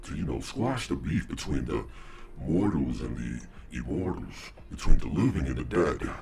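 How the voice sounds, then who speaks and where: A rumbling, gravelly male demon who haunts sleepers, laid-back and teasing. His pitch sits at the very bottom and swoops around lazily over a faint music bed. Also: lively intonation, normal speed, full character voice. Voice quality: very deep and gravelly, voice-modulated. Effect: voice modulator.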